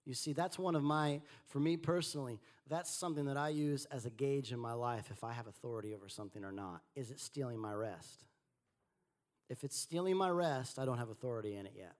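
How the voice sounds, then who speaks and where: A man preaching a sermon, swinging between quiet asides and animated, rising delivery. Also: fairly quick. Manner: animated preaching, rising and falling in pitch and volume. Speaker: pastor.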